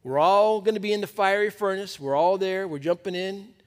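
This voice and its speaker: A male pastor giving a sermon to a men's Bible study, preaching in a conversational, emphatic way that drops to a hush at times. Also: high voice, brisk.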